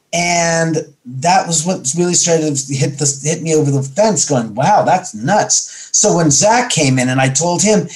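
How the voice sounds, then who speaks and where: A man from Los Angeles, a guest in an interview, telling rambling stories and quoting other people's lines back and forth. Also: fairly high pitch. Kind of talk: casual interview storytelling.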